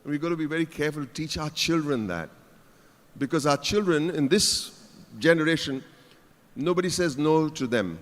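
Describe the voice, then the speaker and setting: His fairly high voice has lively intonation and a moderate pace as this man gives a playful keynote, teasing the crowd from a large conference hall stage amid plenty of reverb.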